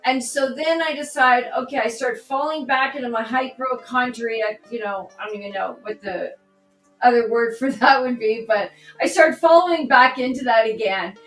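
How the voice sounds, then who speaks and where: High pitched woman telling a story, animated, acts out what people said, roomy echo, kinda far from the mic. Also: moderate pace. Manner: animated, re-enacts dialogue in her stories. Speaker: political candidate, podcast guest. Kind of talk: conversational storytelling. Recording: echoey room, distant mic, faint music.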